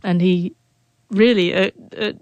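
A woman in her forties tells her story as an interview guest, and her stutter catches on the first sounds of words. Her voice sits at a middle pitch. The recording is dry and close. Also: steady tone, unhurried, a little mellow, no echo, highs cut off. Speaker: author and guest.

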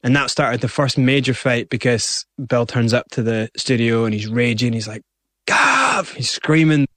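A man's voice: mid-range voice, little pitch movement, normal speed, dry recording. A man, a guest in an interview, recounting events animatedly and acting out other people's lines. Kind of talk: interview storytelling.

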